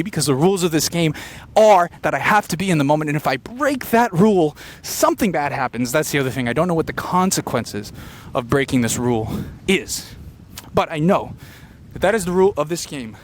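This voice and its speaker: A man doing an unfiltered stream-of-consciousness comedy monologue, rambling and fast-talking with quick tangents. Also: on the high side, a little hiss or hum. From Filipino heritage. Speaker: comedian podcaster. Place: beach location outdoors.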